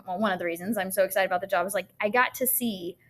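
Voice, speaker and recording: A woman, a teacher co-hosting a podcast, telling stories in casual chat, animated and laughing often. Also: medium pitch, racing.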